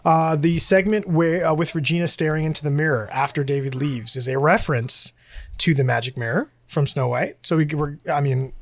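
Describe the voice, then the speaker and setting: A man's voice: fairly high pitch, fairly even intonation, a little fast. A man co-hosting a podcast, chatting casually and rambling, often interrupting himself and laughing. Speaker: podcast co-host. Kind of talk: casual chat.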